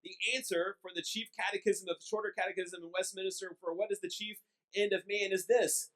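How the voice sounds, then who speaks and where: A man's voice: high voice, little pitch movement, brisk, fairly bright tone, poor audio. A man, a pastor, giving an informal, joking sermon in church, often restarting his sentences. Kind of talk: conversational sermon.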